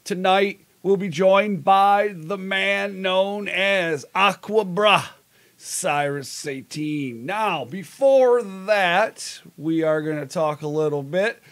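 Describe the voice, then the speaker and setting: A man's voice: sits high, slow pace, fairly bright tone. A man hosting a live show in casual chat, upbeat and talkative as he greets viewers. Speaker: host.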